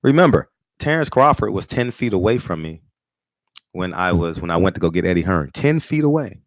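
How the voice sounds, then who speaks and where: A man with a deep, low voice talks casually as the host of a boxing talk show. He is brash, boastful and profane, and he stumbles and restarts his sentences. The sound is dry and close. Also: big pitch swings, a little fast, no room sound.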